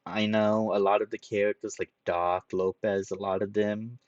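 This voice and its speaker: Young man, very low voice, tearful solo reviewer, rambling delivery, dry close sound. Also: level tone, no room sound, highs cut off. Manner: rambling, halting with repeats and ums. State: tearful, emotional. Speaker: video reviewer.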